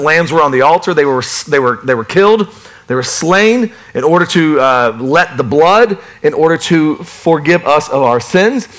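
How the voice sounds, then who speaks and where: A man preaching a sermon as a pastor, folksy and lively, swinging between playful asides and solemn emphasis. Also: fairly high pitch.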